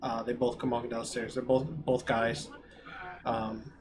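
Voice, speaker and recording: A man narrating a tabletop game as game master, rambling with many pauses. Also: medium pitch, monotone, a little hiss or hum. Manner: rambling, filler-heavy narration.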